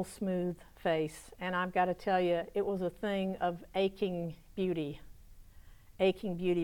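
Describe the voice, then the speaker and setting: A woman pastor with a lowish, clear, resonant voice speaks her testimony to a gathered audience. Lively energy carries the story, broken by soft, hushed passages.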